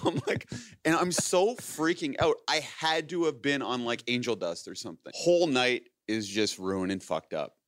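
This late-thirties podcast host has a medium-pitched, slightly bright voice with big pitch swings, speaking at a moderate pace with no room sound. In casual chat he rambles through a long story, laughing and acting out quoted voices.

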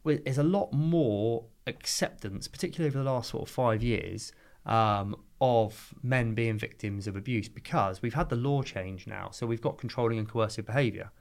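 A man's voice: medium pitch, vocal fry. A man, a divorce lawyer talking earnestly in a podcast conversation, often restarting his sentences. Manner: earnest, halting with frequent restarts.

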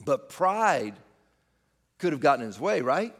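A man's voice: on the high side, big pitch swings, measured pace, a bit bright. Preaching man in a reverberant hall. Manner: preaching with rising and falling emphasis, addresses the congregation directly. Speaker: pastor. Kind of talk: sermon.

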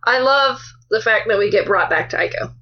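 A woman joining as guest co-host on a casual book podcast, agreeable and animated in her reactions. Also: medium pitch, a little fast, muffled recording.

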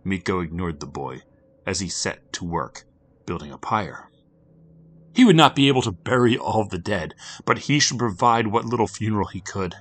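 A man narrating a grim story for a podcast, swinging between loud urgency and hushed, near-whispered passages. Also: fairly low pitch, lively intonation, moderate pace.

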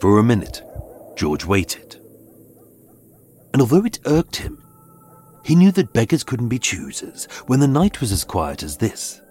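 A man narrating a scripted true-crime story in a measured, dramatic way, with suspenseful pauses. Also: medium pitch, huge pitch swings, a little mellow, a little hiss or hum. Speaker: podcast host and narrator. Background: faint background music.

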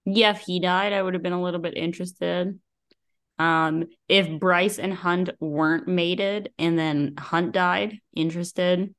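A woman co-hosting a podcast, chatting casually about a book, joking and laughing a lot with deadpan asides. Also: fairly low pitch, unhurried, clear, resonant tone. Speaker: podcast co-host. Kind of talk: casual book review chat.

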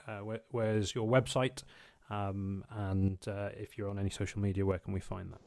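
A man's voice: on the low side, flat delivery, normal speed, creaky, a little mellow. A man hosting a podcast, asking polite, encouraging questions with a lot of hesitant ums. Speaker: podcast host. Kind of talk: interview questions.

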